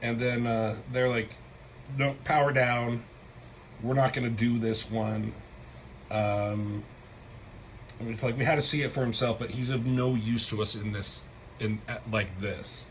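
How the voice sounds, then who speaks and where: Unhurried and pausing often, a young man gives a laid-back, talkative comic book review in a steady, medium-pitched voice. He swears liberally and pops his voice upward to perform characters' lines, on a low-quality recording with slight hiss or hum.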